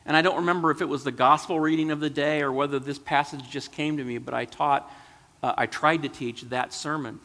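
A man's voice: a little high, fairly even intonation, a little fast, pushed and bright. A man reading a children's story aloud and reflecting on it in an earnest, emotional way. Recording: long hall reverb.

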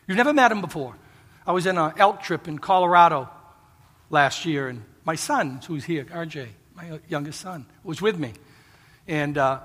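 A man's voice: fairly high pitch, bright, forceful tone, breathy edge. A middle-aged man preaching a sermon, telling stories and pleading earnestly with the congregation. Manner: storytelling, earnest pleading with laughs. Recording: long reverb of a hall.

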